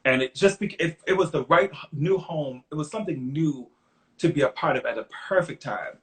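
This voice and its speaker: A middle-aged man, a songwriter guest in an interview, telling lively anecdotes and acting out other people's lines, earnest and openly emotional when he reflects. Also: on the high side, fairly quick. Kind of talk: conversational interview storytelling.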